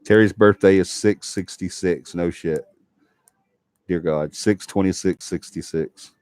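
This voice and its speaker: A very low-voiced man with a drawl hosts a casual livestream, folksy and chatty as he reads comments from viewers. The sound is dry and close, with no room around his voice. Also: a little slow, darkish tone, no echo. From Alabama. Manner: chatty, folksy, laughs often. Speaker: paranormal livestream host.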